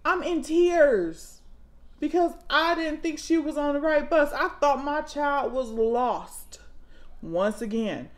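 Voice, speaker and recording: A mom vlogger in her thirties tells stories about her kids in a casual, slow-paced vlog. She's dramatic and animated, breaking into loud, high outbursts when she acts out moments.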